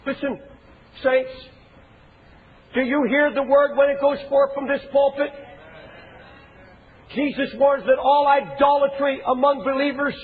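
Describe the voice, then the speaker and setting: A male pastor with a very high-pitched voice preaches with impassioned, pleading intensity, now and then rising to a shout. The sound is thin and tinny, as if heard through a phone line. A long reverb trails after his words, as in a big church hall. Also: steady tone, unhurried, long pauses, a little hiss or hum. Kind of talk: sermon. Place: church sanctuary.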